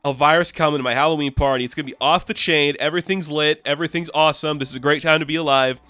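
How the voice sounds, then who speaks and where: A man voicing a hyper, gushing young woman antihero from a comic, talking in a rushed, raised voice. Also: dry recording. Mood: excited. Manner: excitable, rushed, raised pitch.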